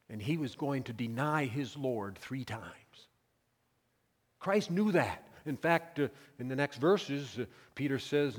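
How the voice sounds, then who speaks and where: A man's voice: a little high, in a large hall. A man preaching a Sunday sermon as pastor, earnest and emphatic, in a church. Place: church sanctuary.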